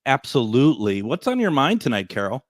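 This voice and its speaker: A man hosting a call-in radio show, relaxed and using filler words as he moves between callers. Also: mid-range voice, a little fast, dry recording, studio quality.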